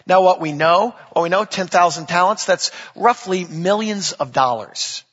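High, bright husky-voiced preacher in a hall. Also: male voice, moderate pace. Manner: conversational preaching with jokes and asides. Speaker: pastor. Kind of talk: sermon. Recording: echoey hall, dull lo-fi sound.

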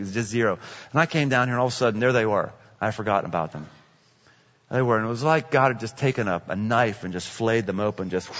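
A man preaching a sermon as a pastor, telling stories conversationally and repeating key phrases for emphasis. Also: lowish voice. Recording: echoey hall, dull lo-fi sound.

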